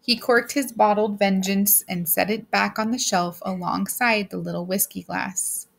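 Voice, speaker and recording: A woman reading a short story aloud as a steady, plain narrator. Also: medium pitch, measured pace, creaky. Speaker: audiobook reader. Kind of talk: scripted narration.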